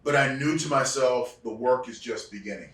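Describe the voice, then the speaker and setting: A former wrestler tells his stories in an animated, easygoing way and slips into other people's voices as he goes. His voice sits at an ordinary male pitch. The sound echoes around the room, with the mic set well back from him. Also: normal speed. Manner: animated storyteller, acts out quoted voices. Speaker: interview guest, former wrestler. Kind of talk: casual storytelling interview. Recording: roomy sound from a distant mic.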